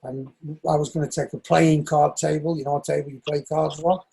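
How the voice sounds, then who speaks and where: A man in his sixties, a shoemaker and dance coach, telling lively stories in a casual interview and acting out other people's voices. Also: fairly high pitch, fairly quick, gravelly, slightly rough, low-quality recording. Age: 60s. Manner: animated storyteller, acts out quoted voices.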